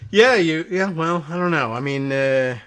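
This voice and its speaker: Male co-host, casual and chatty, quick to agree and drift off. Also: on the high side, a bit bright. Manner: chatty, trailing off, many short agreements. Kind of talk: casual political talk.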